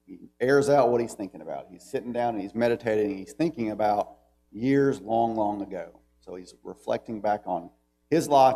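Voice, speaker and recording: A low-voiced man with a Southern American accent teaches a church Bible class in a relaxed, conversational way. He reads scripture aloud with emphasis in a mellow, warm tone. A faint hum sits under the recording.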